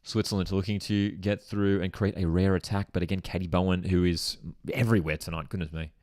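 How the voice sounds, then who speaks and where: A man with a low, deep voice gives live reaction commentary on a football match, bursting into excitement at big moments and then settling into easy chat. His sound is close and dry, with no room echo, as he reads viewer comments from a home streaming setup. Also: a little fast. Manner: excitable, chatty, reads chat messages aloud. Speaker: football watchalong host.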